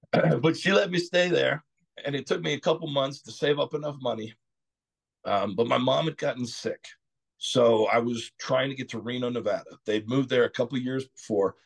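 A middle-aged man from Texas, a podcast guest telling his story candidly, rambling and clearing his throat often. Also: mid-range voice, normal speed, long pauses. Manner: frequent "you know" asides.

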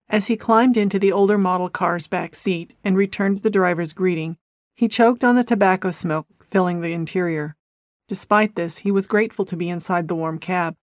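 A man narrating an audiobook novel in a steady, measured storytelling voice. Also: high voice, no room sound, clean studio sound. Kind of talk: scripted narration.

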